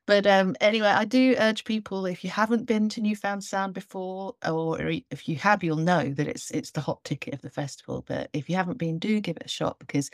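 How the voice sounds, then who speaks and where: A woman's voice: fairly low pitch, no echo, studio quality. A woman from a festival team speaking on a podcast in an upbeat, encouraging way. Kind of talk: casual podcast chat.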